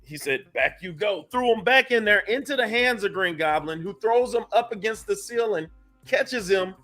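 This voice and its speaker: A man with a high, lively voice hosts a casual podcast. He speaks in easygoing slang and fires off quick questions. Soft music sits faintly behind him. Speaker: podcast host. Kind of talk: casual chat.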